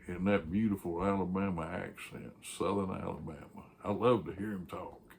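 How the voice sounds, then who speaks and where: A man's voice: low-pitched, normal speed, gravelly, darkish tone, a little hiss or hum. An older man, the host of his channel, telling a folksy, rambling story with frequent fillers and restarts.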